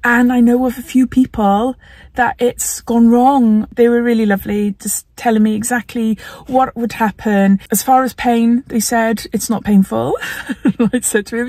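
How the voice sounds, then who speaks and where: A woman's voice: fairly high pitch, normal speed, darkish tone, dry recording. A middle-aged woman talking candidly in a personal vlog, often laughing and sometimes emotional. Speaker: vlogger.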